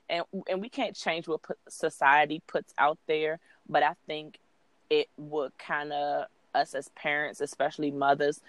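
A woman's voice: low voice, no echo. A woman and mother in casual chat, speaking reflectively and encouragingly. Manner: reflective, encouraging, drawn-out phrasing.

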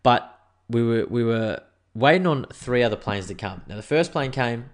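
A young Australian man, a podcast host, telling a story in a casual, animated and slangy way, swearing freely as he talks from home. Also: mid-range voice, moderate pace. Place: indoors at home.

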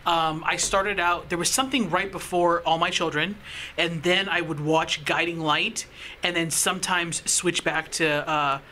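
Woman co-host, lower voice with a bright edge, animated storytelling, faint noise behind. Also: measured pace. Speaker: podcast co-host. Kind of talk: casual chat.

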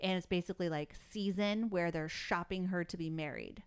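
A woman co-hosting a podcast in casual chat, an animated storyteller who rambles with many fillers. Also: fairly low pitch, a little fast, clear, resonant tone. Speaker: podcast co-host.

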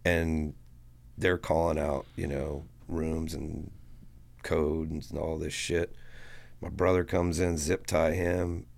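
Gravelly deep-voiced man telling a story. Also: slow. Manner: profane, animated, acts out what people said. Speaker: guest musician. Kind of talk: casual storytelling.

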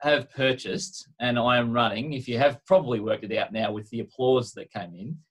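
A man's voice: medium pitch, a little fast, fairly bright tone, breathy edge. A man with an Australian accent, co-hosting a tech podcast in a rambling, joking, conversational way. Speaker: podcast co-host. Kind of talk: casual chat.

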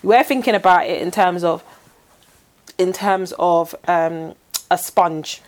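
A woman co-hosting a podcast, chatting casually as an animated storyteller who laughs often. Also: fairly low pitch, takes it slowly. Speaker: podcast co-host. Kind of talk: casual chat.

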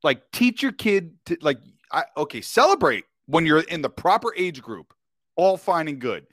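A man's voice: a little high, sing-song, normal speed, fairly bright tone, no room sound, clean studio sound. A man, a podcast guest, telling a story in casual chat, talking in slang and keeps asking "you know what I mean".

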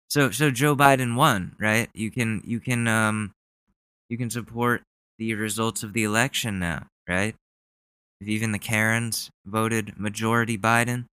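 A man's voice: on the low side, fairly even intonation, measured pace, pauses often, sharp tone, clear, resonant tone, no echo. Young man rambling on a casual podcast. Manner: rambling, profane, chuckling. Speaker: podcast host. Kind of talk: casual chat.

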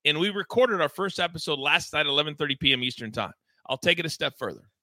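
A man's voice: fairly high pitch, quick pace, pushed and bright, dry recording. A man hosting a live sports betting show, talking in a hyped, emphatic, promotional way. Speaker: host.

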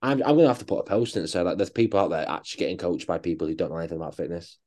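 A man's voice: low-pitched, very fast, a little mellow. A man co-hosting a coaching podcast, ranting bluntly and swearing in casual chat.

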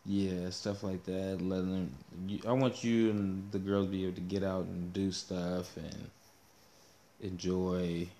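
A laid-back man co-hosting a casual chat. His voice is very deep and gravelly with a dark tone. He tosses in easy, chuckling asides. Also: flat delivery, slow pace. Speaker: co-host, father.

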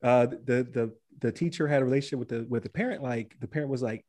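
A man in his forties tells a story with easy laughter in a casual podcast chat. His voice sits at a middle pitch. He talks like a regular co-host among friends. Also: rapid-fire, few pauses, mellow.

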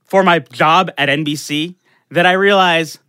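A young man telling a profane, animated story in casual chat, full of restarts and "like". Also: fairly high pitch, a little slow, heavy background noise.

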